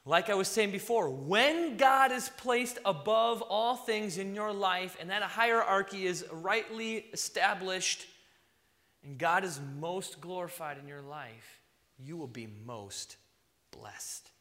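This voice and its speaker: A male preacher with a high, bright, lively voice delivers a sermon. He swings from loud emphasis down to soft near-whispers. A long hall reverb trails his words. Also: slow pace. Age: young adult to middle-aged, a father.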